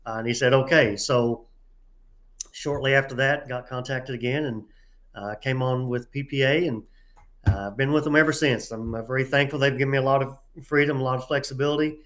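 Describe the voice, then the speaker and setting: A man with a Southern drawl, a referee guest telling stories in an interview, halting with many filler sounds and a folksy, self-deprecating manner. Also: medium pitch, fairly even intonation, fairly bright tone. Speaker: head tournament referee, guest. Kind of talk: casual interview storytelling.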